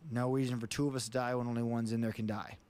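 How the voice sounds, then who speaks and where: Profane storytelling man, mid-pitched. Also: flat delivery, quick pace, a little mellow, clean tone. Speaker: guest. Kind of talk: casual storytelling.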